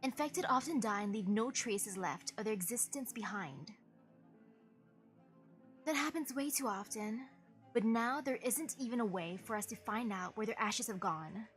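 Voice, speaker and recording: A woman's voice: a little high, normal speed, fairly bright tone, faint music behind, lightly acted. A woman voicing a cold, accusing young woman investigator who speaks sternly while reading a game's story aloud. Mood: grim.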